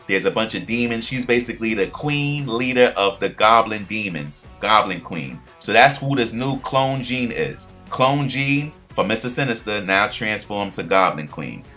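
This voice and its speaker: A man's voice: lowish voice, pushed and bright. A young man hosting a casual recap, rambling in slang with many restarts. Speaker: show recap host.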